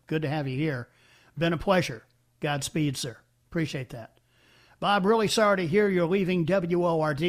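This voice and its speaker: An older man hosting a call-in talk radio show, talking in a halting way with many uhs and restarts. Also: on the high side.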